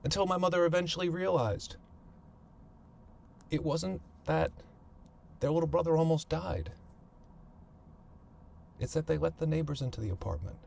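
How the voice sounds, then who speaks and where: Halting man telling a family story. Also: fairly high pitch, creaky, darkish tone. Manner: halting, repeats words, thinks aloud. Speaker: podcast host.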